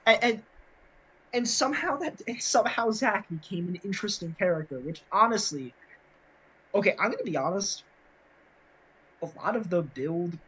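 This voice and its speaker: A man's voice: high voice, lively intonation, moderate pace, long pauses, a bit bright, husky, rough recording. A man co-hosting a casual podcast chat, rambling with many fillers and restarts. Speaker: podcast co-host.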